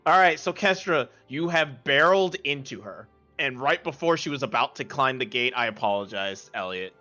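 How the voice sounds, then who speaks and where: Bright-voiced man running a tabletop game. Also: medium pitch, lively intonation, soft background music. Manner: halting, restarts phrases while narrating. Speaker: game master.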